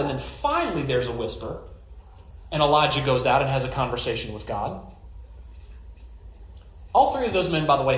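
A man's voice: mid-range voice, roomy sound. A male pastor giving a conversational sermon, retelling scripture with jokes and storytelling asides.

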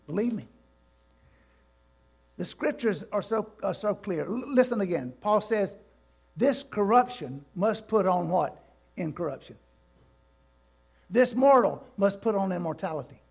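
Older man preaching, gravelly and high. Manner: preaches with big swings in loudness, calls out questions to the congregation. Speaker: pastor. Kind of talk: sermon. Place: church sanctuary.

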